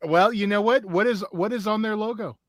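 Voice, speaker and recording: A man's voice: high-pitched, brisk, no room sound. A man who produces a movie review podcast, chiming in with wry, chuckling remarks. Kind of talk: casual movie review banter.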